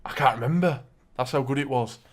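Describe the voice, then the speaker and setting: A man casually recapping a wrestling show, animated and laughing as he acts out what people said. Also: mid-range voice, brisk, a little hiss or hum. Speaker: podcast host.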